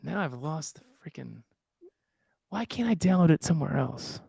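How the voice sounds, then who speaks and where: A man's voice: a little high, animated, moderate pace, vocal fry, mellow, husky, dry recording, clean studio sound. A man co-hosting a casual livestream chat, flustered and muttering to himself while he fights with his computer. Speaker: co-host.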